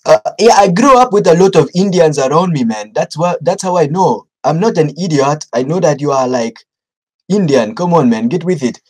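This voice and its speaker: A blunt Nigerian man on the phone, as a man puts him on, pushy and preachy, repeating himself as he lectures. His voice sits a little high for a man. The put-on Nigerian accent carries every word. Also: animated, normal speed, a little mellow, slightly rough, rough recording. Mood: mocking. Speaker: scambaiter. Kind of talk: prank phone call.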